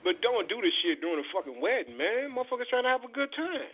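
A man's voice: sits high, sing-song, fast talker, husky. A man, hosting a radio show and telling a heated, profane story in casual chat. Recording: tinny phone-like radio audio.

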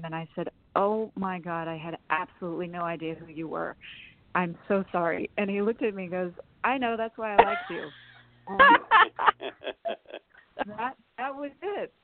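Over a phone line, this woman interview guest spins long personal stories in a chatty manner, laughing frequently. Her voice is lowish and her pace moderate.

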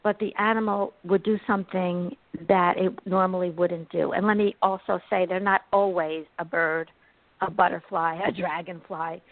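Brief: expressive woman medium, interview guest, dry phone-line sound. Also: on the low side, moderate pace, no echo. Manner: animated, expressive storyteller. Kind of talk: interview storytelling.

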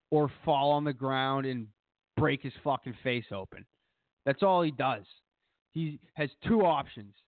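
A man's voice: on the high side, no echo. A man chatting loosely on a podcast, swearing constantly as he rambles through a story. His voice comes through thin and phone-like, with a dry, close sound and no room around it. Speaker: podcast co-host. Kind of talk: casual chat.

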